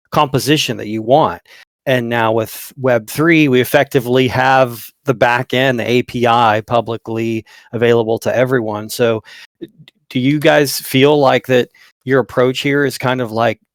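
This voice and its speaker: A man's voice: medium pitch, no room sound, studio quality. A man in the audience asking long, thoughtful technical questions of a presenter.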